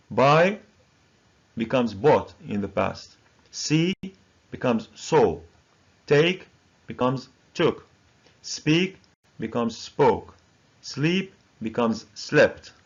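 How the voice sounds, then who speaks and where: Gravelly Moroccan-accented teacher drilling verbs. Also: male voice, mid-range voice, a little mellow, highs cut off. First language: Moroccan Arabic. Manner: slow, deliberate word-by-word drilling. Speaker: English teacher. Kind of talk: recorded grammar lesson.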